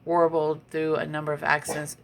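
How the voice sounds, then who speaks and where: A woman's voice: deep voice, monotone, normal speed, vocal fry, background noise. A woman vlogging from home in a chatty way, reading an article aloud and adding her own comments. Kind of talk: casual chat.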